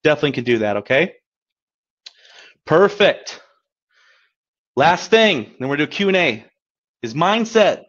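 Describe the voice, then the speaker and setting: A man with a fairly high voice coaches a webinar in an upbeat, encouraging tone, chatting and checking in with "right?". The audio is dull and lo-fi. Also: very animated, normal speed, long pauses, a bit bright. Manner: upbeat, encouraging, conversational, often asks "right?". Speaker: credit repair coach. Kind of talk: webinar presentation.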